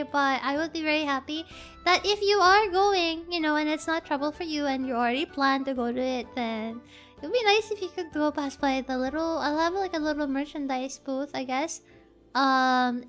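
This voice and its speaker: Very high-voiced woman, tired and playful. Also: fairly bright tone. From Philippines. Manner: playful, rambling, reads chat aloud. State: tired, half asleep. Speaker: VTuber streamer. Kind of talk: casual chat stream.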